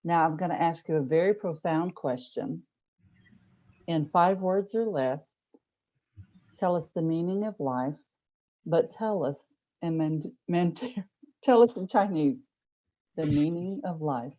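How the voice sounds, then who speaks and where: A woman's voice: deep voice, animated, takes it slowly, long pauses, warm tone. A woman interviewing a guest on a video call, jokey and teasing. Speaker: interviewer at a club meeting. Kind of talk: lighthearted interview hosting. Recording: slightly dull lo-fi video call audio.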